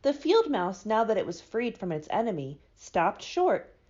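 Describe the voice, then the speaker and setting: A woman librarian reading a children's book aloud with expressive storybook delivery. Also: medium pitch, a little slow, dull audio.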